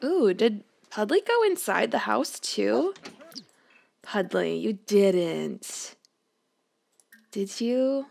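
A woman's voice: mid-range voice, big pitch swings, slow pace, gravelly, darkish tone. A woman chatting casually as she plays a life-sim game at home, laughing often and talking to the characters on screen. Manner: chatty, giggly, talks to her game characters. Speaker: gameplay streamer. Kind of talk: casual let's-play commentary. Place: home room.

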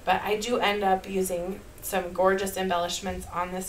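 A woman's voice: medium pitch, little pitch movement, moderate pace, slight background noise, poor audio. Chatty Minnesotan woman teaching crafts. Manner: chatty and upbeat, laughs softly at herself. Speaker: card-making channel host. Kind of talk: casual craft tutorial voice-over.

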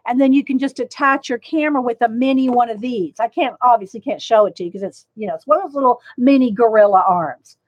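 A woman's voice: fairly high pitch, fast talker, few pauses. A woman hosting a casual livestream, rambling along and greeting viewers by name. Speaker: livestream host. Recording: slightly dull lo-fi sound.

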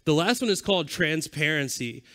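A man's voice: fairly high pitch, animated, moderate pace, fairly bright tone. Casual joking man giving a keynote. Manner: casual, joking, acts out quotes. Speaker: keynote co-speaker. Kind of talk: conference keynote talk. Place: conference stage.

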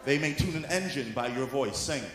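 A male apostle preaching a sermon, moving from soft teaching into shouted exhortation. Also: medium pitch, a little fast, crowd noise. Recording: echoey hall with faint room noise.

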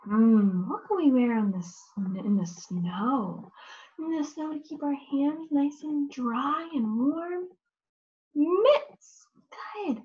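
A woman with a North American accent teaching English to young learners, with encouraging, drawn-out words and frequent praise. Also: high voice, animated, darkish tone, muffled recording. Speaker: ESL teacher.

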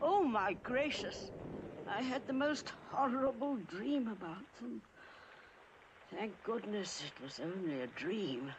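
A woman's voice: medium pitch, expressive, slow pace, highs cut off, background noise. A woman voicing a fretful wealthy older lady in a fan dub, full of anxious exclamations. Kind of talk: fan dub of an animated film. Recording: music playing under the voice.

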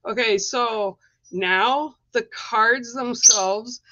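A woman artist unboxing her new card deck in a vlog, gushing with excitement, repeating herself and letting out squeals and whoops. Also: a little high, extremely slow, lo-fi sound, heavy background noise.

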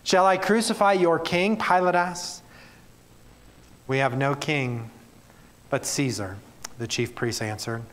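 A man's voice: on the high side, slow pace, pauses often, fairly bright tone, slight background noise. Male pastor preaching in church, reads the bible then talks straight to folks. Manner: reads scripture then speaks plainly and earnestly to the congregation. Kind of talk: sermon.

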